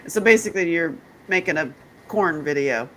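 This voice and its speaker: A woman's voice: on the low side, animated, normal speed, a bit bright, slight background noise. A woman from North Carolina hosting a podcast, telling candid, bawdy stories in casual chat and laughing often. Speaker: podcast host.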